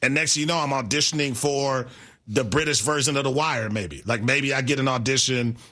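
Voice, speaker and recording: A man's voice: medium pitch, sharp tone. A man co-hosting a sports radio show, chatting casually, stumbling and restarting his sentences and laughing easily. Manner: halting, self-interrupting, laughs easily. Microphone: studio microphone.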